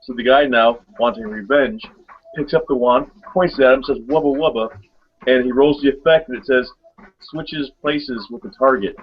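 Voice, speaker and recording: A man's voice: medium pitch, animated, moderate pace, husky. A man co-hosting a casual webcast chat, rambling through stories with many fillers and frequent laughs. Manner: rambling storyteller, laughs often. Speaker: co-host. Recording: dull lo-fi webcast audio.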